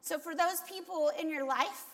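A woman's voice: extremely high pitch, normal speed, a bit bright. A woman pastor giving a conversational sermon, telling candid, self-deprecating stories. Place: church sanctuary. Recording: long echo of a large church hall.

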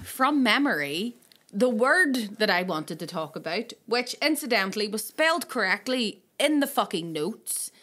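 A woman's voice: mid-range voice, big pitch swings, unhurried, sharp tone. A woman hosting a podcast, chatting casually, laughing often and swearing freely. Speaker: podcast host. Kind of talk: casual chat.

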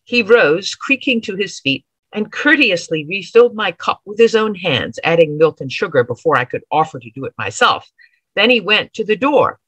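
A woman reads her own story aloud with measured, expressive pacing. Her bright voice rises and falls widely and has a slightly breathy texture. The recording is dry and close. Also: mid-range voice, no room sound, lo-fi sound. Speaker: author reading her story. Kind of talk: dramatic reading of period fiction.

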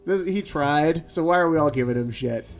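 A man's voice: on the high side, moderate pace, soft background music. A man hosting a casual podcast about bad tapes, joking and laughing often. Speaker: podcast host.

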